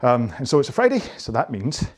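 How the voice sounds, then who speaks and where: A middle-aged man talks viewers through stretches after a rowing session. He keeps it loose and chatty, pokes fun at himself and drifts into rambling asides. His voice sits at an ordinary middle pitch for a man. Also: huge pitch swings, brisk. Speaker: rowing coach. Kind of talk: follow-along workout instruction.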